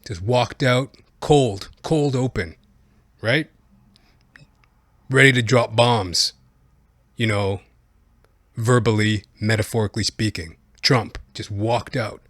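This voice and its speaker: A man's voice: mid-range voice, slow, pauses often, fairly bright tone, dry recording, clean studio sound. A man hosting a podcast, giving comedic political commentary in a rambling way full of fillers. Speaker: podcast host.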